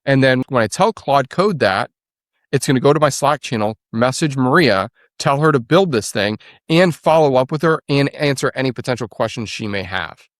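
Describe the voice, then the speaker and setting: A man's voice: mid-range voice, lively intonation, normal speed, no echo, clean studio sound. A man speaking as a podcast guest, explaining his work in a direct, matter-of-fact way. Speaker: podcast guest, agency founder. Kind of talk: casual interview chat.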